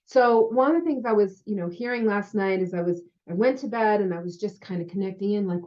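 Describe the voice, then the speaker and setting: A woman's voice: medium pitch, a little fast, hardly any pauses, dark tone, lo-fi sound. A woman who works as a spiritual healer gives a casual talk to her viewers. She is chatty and often says "you know" and "right?". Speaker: spiritual healer and intuitive guide.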